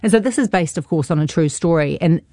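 A woman gushes about films in relaxed studio chat. Her voice is mellow and a little low. The sound is close and dry. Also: fast talker, dry recording. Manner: gushing, enthusiastic, animated. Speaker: film reviewer. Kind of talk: casual radio film review chat.

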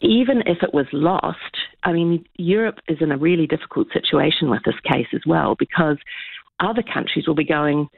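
A woman guest on a radio interview, speaking in a measured, earnest way through a tinny, phone-like line. The sound is dry and close, with no room around it. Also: low-pitched, gravelly, no echo. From New Zealand. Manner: measured, earnest explaining with frequent ums. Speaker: political scientist guest.

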